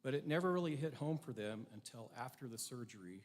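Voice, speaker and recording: A man's voice: medium pitch, expressive, fairly quick. Earnest man giving a ceremony speech. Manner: earnest, reflective, asks rhetorical questions. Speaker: ceremony speaker.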